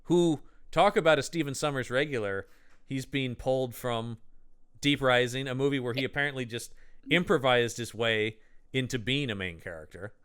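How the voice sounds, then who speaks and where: A man co-hosting a podcast who chats casually about a film in an animated, rambling, enthusiastic way. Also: medium pitch, moderate pace, smooth. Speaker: podcast co-host. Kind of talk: casual film-discussion chat.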